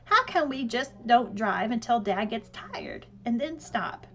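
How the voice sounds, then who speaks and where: A woman's voice: fairly high pitch, lively intonation, measured pace, fairly bright tone. A woman doing a curious young boy. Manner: curious questioning.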